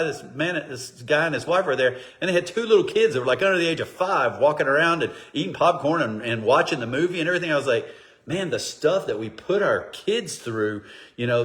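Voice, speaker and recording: A man teaching a Bible study, speaking conversationally and telling stories, acting out voices. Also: fairly high pitch. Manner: conversational, animated storytelling with acted quotes. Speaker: pastor. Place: church, streamed online.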